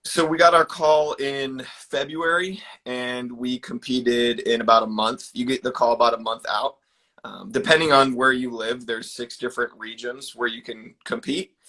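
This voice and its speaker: A man in his twenties speaks with a bright, ringing tone as he answers in a casual interview. He tells his stories eagerly and with animation, and his voice sits at an everyday middle pitch. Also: fairly even intonation, normal speed. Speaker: guest, ninja competitor. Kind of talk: casual storytelling.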